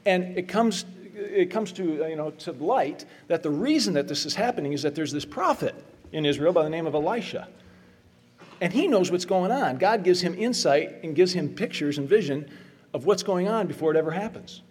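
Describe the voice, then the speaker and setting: A middle-aged man preaching a sermon, earnest and emphatic, slowing down to stress repeated phrases. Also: a little high, lively intonation, darkish tone, breathy edge. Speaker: pastor.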